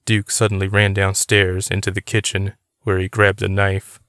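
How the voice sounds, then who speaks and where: A man narrating an audiobook in a steady, even reading. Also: low voice, normal speed, clear, resonant tone, dry recording, clean studio sound. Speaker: audiobook reader.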